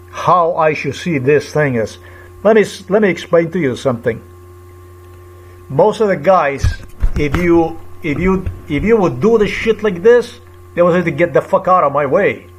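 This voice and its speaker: A man with a slightly high voice recounts a run-in in a loose, rambling way. He stops and restarts often and repeats phrases while he searches for words. An agitated, indignant edge runs through his talk. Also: lively intonation, slightly rough, faint music behind. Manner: halting, repetitive, searching for words. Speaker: vlogger. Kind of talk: rambling personal account.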